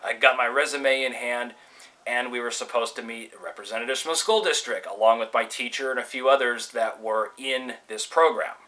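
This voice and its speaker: A man from California telling a personal story casually, animated and swearing freely as he acts out the people in it. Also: medium pitch, moderate pace, low-quality recording. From California, USA.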